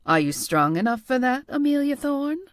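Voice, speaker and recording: A woman reading a calm, knowing tarot reader. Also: high-pitched, moderate pace, no echo, studio quality. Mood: earnest. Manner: calm, knowing, lightly teasing. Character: poised middle-aged woman tarot reader, patient, wise. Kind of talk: audiobook character voice.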